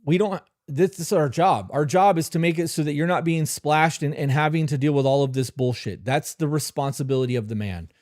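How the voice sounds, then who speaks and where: A man's voice: fairly high pitch, fairly quick, few pauses, a little mellow, no echo, clean studio sound. A man hosting a live stream, giving blunt, profane relationship advice and answering chat questions directly. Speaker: host.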